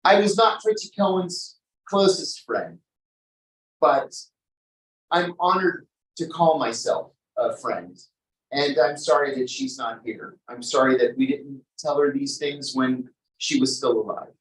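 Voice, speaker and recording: An earnest man delivers a memorial tribute in measured, deliberate phrases. The sound is roomy, as though caught from across a venue. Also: mid-range voice, fairly even intonation, a bit bright, recorded from a distance. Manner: earnest, measured, slow emphasis. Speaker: tribute speaker. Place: event venue.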